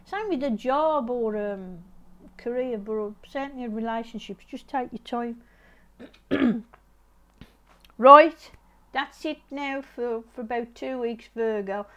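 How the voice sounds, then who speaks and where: A middle-aged woman reads tarot in a casual, chatty way. She has a slightly high voice. She repeats herself often, restarts her sentences and gently urges the listener to slow down. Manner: repetitive, restarting, gently advising. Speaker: tarot reader. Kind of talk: casual tarot reading to camera.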